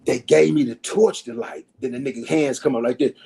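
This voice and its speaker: A middle-aged man, a podcast guest, telling stories in a loud, profane, animated way and acting out the people he quotes. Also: mid-range voice, a little fast, vocal fry, slightly rough, poor audio. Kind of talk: casual storytelling.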